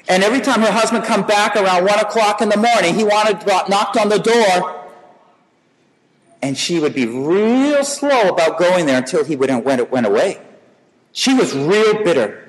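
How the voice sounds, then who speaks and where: A man preaching a sermon in a conversational way, often restarting and repeating words. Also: high-pitched. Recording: reverberant hall.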